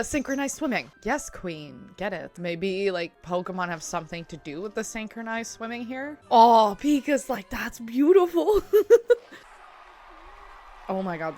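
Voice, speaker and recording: A young woman chatting casually and giggling as she reacts to a cartoon at home. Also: mid-range voice. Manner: chatty and giggly, full of filler "like". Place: home room at a desk chair.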